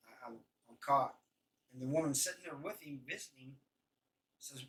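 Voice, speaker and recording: A man telling prison stories in a rambling, halting way, full of fillers and restarts. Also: medium pitch, bright, forceful tone, recorded from a distance, poor audio. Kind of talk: casual storytelling.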